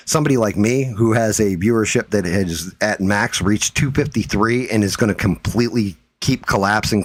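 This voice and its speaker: A man's voice: on the low side, no room sound. A man hosting his own livestream, ranting in a profane, defiant and heated way. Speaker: livestream host.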